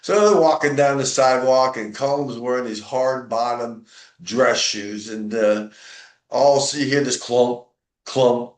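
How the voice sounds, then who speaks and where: A man's voice: mid-range voice, measured pace, echoey room. A man co-hosting a podcast, telling a comic story with lots of ums and uhs. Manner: chatty, filler-heavy telling. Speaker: podcast co-host.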